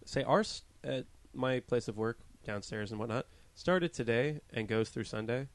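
A young man with a smooth, resonant voice, rambling through a casual podcast chat. He talks in a loose, self-deprecating way and swears now and then. The sound is dry and close, with no room behind it. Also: mid-range voice, normal speed, no room sound. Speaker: podcast co-host.

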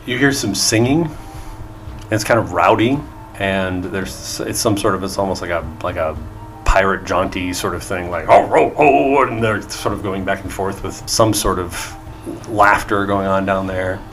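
Low-voiced male game master. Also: normal speed, soft background music. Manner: relaxed, hesitant narration with restarts. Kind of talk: narrating a tabletop game.

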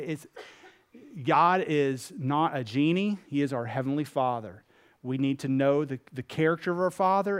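High-voiced man preaching a sermon. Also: clean tone. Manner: storytelling with voiced characters, earnest and emphatic. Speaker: pastor.

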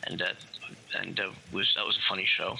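A man's voice: sits low, little pitch movement, a little fast, creaky, bright, forceful tone, slight background noise, poor audio. A man co-hosting a casual radio chat show, playful and rambling, drifting into asides. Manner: playful, breaks into singing snippets and rambling asides. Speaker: co-host.

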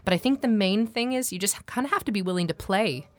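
A woman who works as a voiceover artist, talking in a casual podcast interview, animated and playful, laughing often. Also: mid-range voice, quick pace. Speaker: voiceover artist and voice coach guest.

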